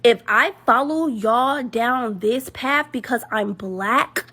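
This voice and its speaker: A woman's voice: a little high, slow, sharp tone, slightly rough. A woman with ranting in a blunt, sarcastic, mocking monologue. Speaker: woman in a clip being reacted to. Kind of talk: ranting social media monologue.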